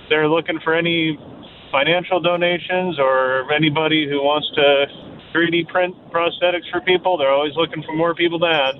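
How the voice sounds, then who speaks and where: A male caller speaks politely and earnestly as he makes his pitch. His voice sits slightly high for a man. It comes through a thin phone line, with faint vehicle noise in the background.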